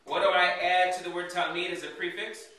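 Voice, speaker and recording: A man's voice: high-pitched, flat delivery, brisk, a crowd in the background. A man teaching a class, asking students questions and checking "okay?" after each point. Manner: checks understanding with frequent "okay?". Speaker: Hebrew teacher. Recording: echoey room, from far off.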